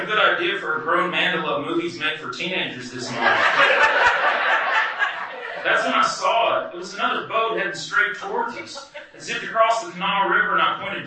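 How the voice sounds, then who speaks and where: A man's voice: high-pitched, normal speed, a loud crowd. A man telling a wry, vivid first-person comic story. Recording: very echoey room, distant mic, music behind.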